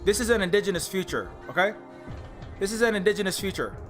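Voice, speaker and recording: A man with a fairly high voice rants on a livestream, heated and full of swearing. He circles back to the same points again and again, padding them with ums and uhs. Soft music plays faintly behind him. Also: lively intonation, quick pace. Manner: heated, profane, repeats himself, lots of fillers. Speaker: streamer and indie game developer. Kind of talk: livestream rant.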